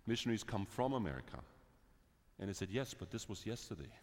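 Preacher in a reverberant hall. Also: male voice, lowish voice, fast. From Germany. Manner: lively, chuckling, swings between bright and hushed. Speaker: missionary preacher. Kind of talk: sermon with personal storytelling.

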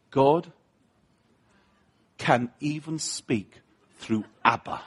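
Man, high voice, husky, slow, middle-aged, humorous self-deprecating preacher. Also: animated. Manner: self-deprecating, laughing often, acting out quoted voices. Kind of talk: humorous sermon storytelling.

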